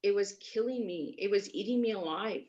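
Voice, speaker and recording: A woman's voice: medium pitch, moderate pace, darkish tone. A woman from Canada, a podcast guest, telling her personal story in an earnest, emphatic way and repeating herself for stress over a remote call. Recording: dull lo-fi remote audio.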